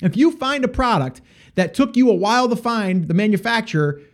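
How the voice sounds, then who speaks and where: Podcast host, male, high-pitched, casual and rambling with fillers; answers listener questions. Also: expressive, a little fast. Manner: rambling, with frequent fillers and restarts. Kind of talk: casual solo podcast advice.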